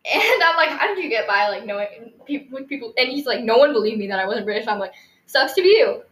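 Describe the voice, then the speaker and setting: A woman's voice: a little high, lively intonation, fast, fairly bright tone, echoey room, rough recording. A teenage girl hosting a podcast, telling stories in a giggly, rambling way with lots of fillers. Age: teens. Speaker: podcast host. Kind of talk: casual storytelling chat.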